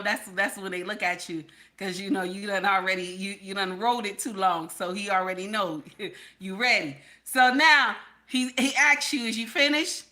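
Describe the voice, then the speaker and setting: A woman hosts a livestream and talks straight to her chat. Her voice is bright and fairly high, and her delivery is blunt and candid. She keeps checking in with "okay?". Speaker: livestream host.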